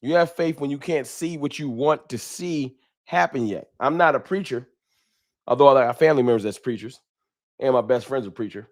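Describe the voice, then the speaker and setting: A man's voice: medium pitch, normal speed. Casual man hosting a live stream. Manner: greets viewers by name with slang. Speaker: livestream host. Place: home room with a wall sign. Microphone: desk microphone.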